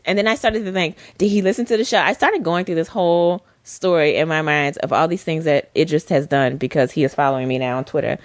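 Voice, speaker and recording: A woman's voice: sits low, no echo, studio quality. A woman co-hosting a podcast, chatting casually and telling stories expressively. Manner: animated storyteller, expressive. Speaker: podcast co-host. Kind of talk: casual chat.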